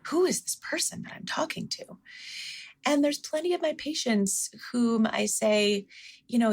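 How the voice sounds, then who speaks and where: Gravelly, husky-voiced woman physician explaining. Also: mid-range voice. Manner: earnest, explanatory, stresses listed words. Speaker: physician guest. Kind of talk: interview answers.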